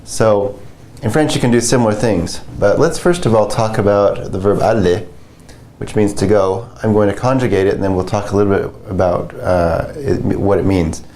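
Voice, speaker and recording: A man's voice: lowish voice, fairly even intonation, moderate pace, darkish tone. A man teaching beginner French grammar in a patient, conversational way, repeating and explaining examples.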